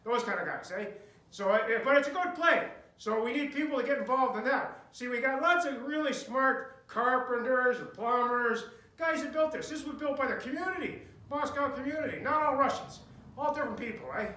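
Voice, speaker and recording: A man's voice: very high voice, brisk, pushed and bright. A man, talking casually and joking on the stage of a barn theater. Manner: jokey, folksy, rambling. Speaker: theater venue owner. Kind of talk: casual rambling address. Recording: echoey room in a barn theater.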